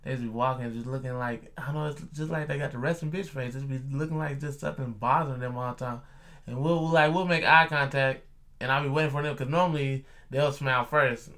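A young man, a delivery driver, telling a story in casual chat, animated and profane, acting out the voices of the people in it. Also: mid-range voice, a little fast.

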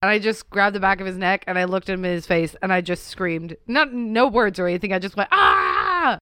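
A young woman co-hosting a loose podcast with her sister, talking at an ordinary pitch. She giggles a lot and laughs at her own jokes. The sound is dry and close. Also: quick pace, fairly bright tone, clean tone, dry recording. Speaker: podcast co-host. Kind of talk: casual chat. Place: at her home.

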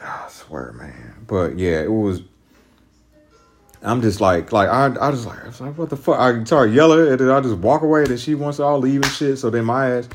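A man's voice: mid-range voice, fairly quick, soft background music. A man hosting a podcast alone, venting in a profane, rambling, agitated monologue about a breakup. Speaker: podcast host.

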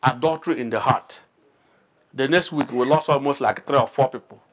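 A Nigerian pastor with a mid-range voice speaks fairly quickly while teaching an interactive sermon in a Bible study format. He quizzes his congregation with frequent questions.

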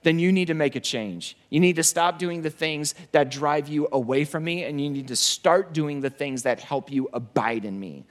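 God speaks in a stern yet caring way, asking direct, searching questions, voiced by a male preacher. The voice stays close to the preacher's own, a little high for a man. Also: moderate pace, hardly any pauses, close to an everyday voice. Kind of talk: sermon.

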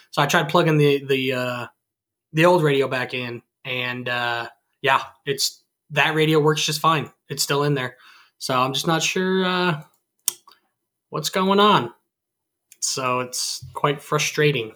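A man in his twenties chats casually, telling stories and acting out both sides of the conversations. His voice is on the high side, pushed and bright, and he speaks unhurriedly.

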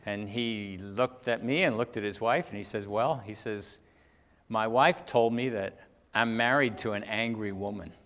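A man preaching a sermon as a pastor, rising to loud emphasis and then dropping to quiet, intimate talk. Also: on the low side, measured pace. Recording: long hall reverb.

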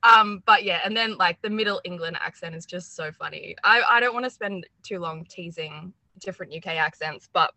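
An Australian woman hosts a podcast in casual chat, chatty and giggly, rambling from one thought to the next. Her lowish voice is brisk with few pauses, pushed and bright, and the recording is rough.

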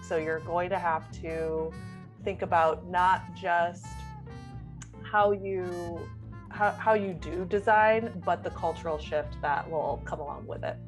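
A woman guest in a casual chat, speaking thoughtfully and measured. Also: on the low side, fairly even intonation, faint music behind.

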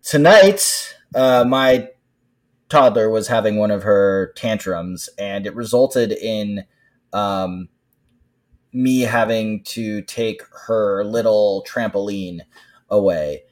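A man co-hosting a podcast, chatting casually and telling stories in an animated way, breaking into laughs. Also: fairly low pitch, takes it slowly. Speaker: podcast co-host. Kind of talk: casual chat.

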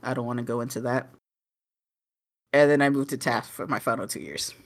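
A man's voice: mid-range voice, brisk. A young man co-hosting a casual podcast, rambling with lots of fillers, restarts and swearing. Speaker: podcast co-host. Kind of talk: casual chat.

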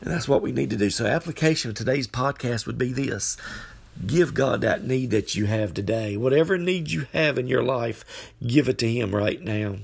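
A man's voice: medium pitch, normal speed, gravelly, husky. A man giving an earnest, folksy devotional sermon into his phone microphone. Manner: earnest, folksy, repeats phrases, exclaims hallelujah. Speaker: podcast preacher.

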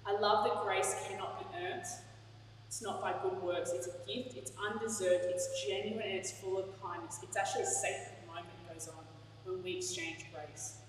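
A woman's voice: on the low side, fairly even intonation, moderate pace, slight background noise. A woman preaching a sermon in a candid, chatty way, laughing at herself. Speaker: pastor. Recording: echoey hall, from far off.

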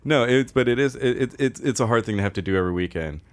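A man's voice: medium pitch, expressive, quick pace. A man co-hosting a podcast in casual chat, swearing freely and rambling through personal stories with laughter. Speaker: podcast co-host.

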